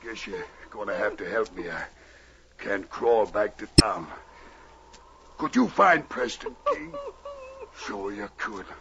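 An actor playing a big, gruff backwoods trapper with a bellowing folksy drawl, in an old radio drama. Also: male voice, lowish voice, sing-song, takes it slowly, long pauses, pushed and bright, exaggerated voice. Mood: coaxing. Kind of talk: 1950s radio drama acting. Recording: dull lo-fi old radio broadcast, faint hiss.

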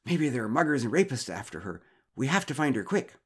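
A man's voice: medium pitch, big pitch swings, fairly quick, slightly rough, voice pushed up. A man voicing a nervous, flustered middle-aged father who is out of breath and rambles with stammers and fillers. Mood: worried.

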